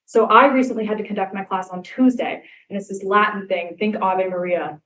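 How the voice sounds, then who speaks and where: Young woman doing animated stand-up, echoey room. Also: medium pitch, fairly quick. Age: young adult. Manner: animated storytelling, acts out quotes. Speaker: stand-up comedian. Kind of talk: stand-up comedy set. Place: live comedy show stage. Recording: echoey live venue.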